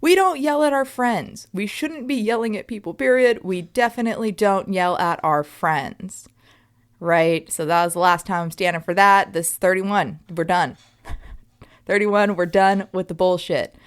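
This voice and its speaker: A woman's voice: medium pitch, a little slow. Emphatic woman podcaster in her thirties. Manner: emphatic, conversational, often asks "right?". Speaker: podcast host. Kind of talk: solo reflective podcast talk.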